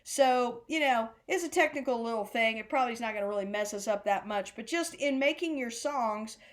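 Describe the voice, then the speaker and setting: A woman teaching a drum class, chatting loosely and chanting rhythm words slowly in time. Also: a little high. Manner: chatty, rambling explanations. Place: senior center class room.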